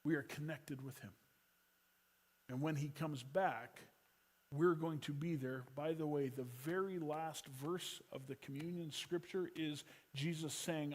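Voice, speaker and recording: Pastor preaching slowly, higher-pitched man. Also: husky. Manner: storytelling, swings from loud urgency to quiet hush. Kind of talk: sermon.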